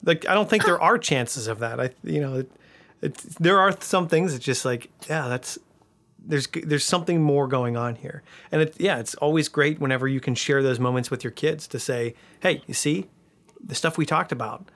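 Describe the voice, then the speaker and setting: A man hosting an interview in a casual way, speaking haltingly and searching for his words as he sets up questions. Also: mid-range voice, fairly bright tone. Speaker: host.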